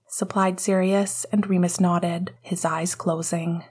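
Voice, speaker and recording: A woman narrating fan fiction in a steady, hushed way. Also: fairly low pitch, slow, few pauses, breathy edge.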